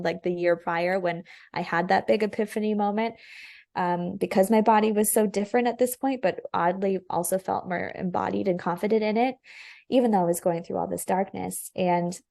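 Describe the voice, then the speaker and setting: A young woman speaking as an interview guest, telling her personal story earnestly and candidly, with lots of filler "likes". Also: medium pitch.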